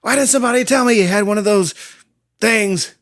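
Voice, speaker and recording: A man's voice: sits high, brisk, fairly bright tone, no echo, studio quality, voice pushed up. A man voicing a gleeful, menacing male clown villain with a cackling showman's patter. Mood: gloating, ranting.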